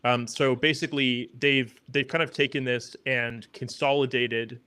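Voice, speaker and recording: Relaxed male podcast host, dry sound. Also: mid-range voice, measured pace, smooth, dry recording. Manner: relaxed, matter-of-fact explaining. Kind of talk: casual explaining.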